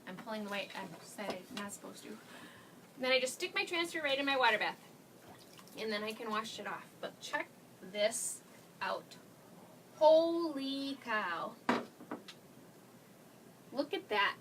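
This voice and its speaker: A woman's voice: a little high, lively intonation, measured pace, pauses often, far from the mic, a little hiss or hum. A woman hosting a casual live craft demo, chatty and gushing, laughing often as she talks to viewers. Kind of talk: casual live-stream chat.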